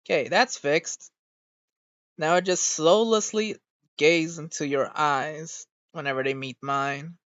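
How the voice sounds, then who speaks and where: A VTuber streamer chatting casually in a rambling way, swearing freely and getting irritated quickly. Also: medium pitch, a bit bright, no room sound. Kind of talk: casual stream reaction chat. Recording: dull, dry home recording.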